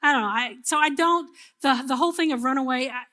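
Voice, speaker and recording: A woman pastor in middle age preaching to her congregation. She tells a personal story with humor and animation, and her voice sits high. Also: fast, bright, forceful tone. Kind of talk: sermon.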